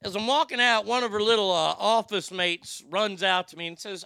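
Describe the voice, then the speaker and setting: A man hosting a talk show, telling a profane story loudly and emphatically. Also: high voice, moderate pace, vocal fry, hardly any pauses, smooth, no room sound, studio quality. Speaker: radio show host.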